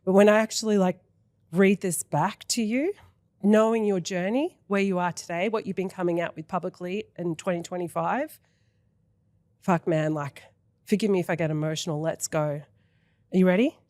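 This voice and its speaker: A woman's voice: on the low side, moderate pace, a little mellow, no room sound. A woman in her thirties hosting a podcast in a studio, talking in an effusive, emotional way with casual swearing. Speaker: podcast host. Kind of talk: casual interview chat.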